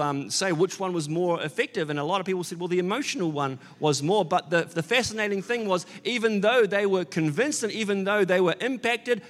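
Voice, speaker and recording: A man's voice: high-pitched, fairly bright tone, big-room sound. A man preaching an Easter sermon, earnest and building to emphatic declarations, with casual asides and fillers. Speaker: pastor.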